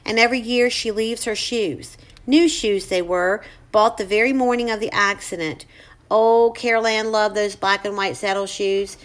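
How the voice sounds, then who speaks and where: A woman voicing a tired, grieving older mother who speaks in a low, sorrowful way. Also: fairly even intonation, moderate pace, close to an everyday voice.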